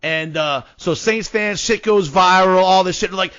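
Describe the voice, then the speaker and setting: A man's voice: sits high, measured pace, hardly any pauses, a bit bright, clean tone, dry recording, muffled recording. A man co-hosting a sports betting podcast, bragging jokingly in casual chat. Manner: boastful, joking. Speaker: podcast co-host.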